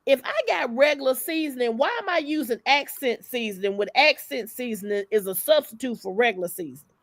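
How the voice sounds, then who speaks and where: Sassy high-voiced woman with gravelly edge. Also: a little fast, dry recording. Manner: sassy, profane, emphatic storytelling. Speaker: livestream host. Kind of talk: casual gossip commentary.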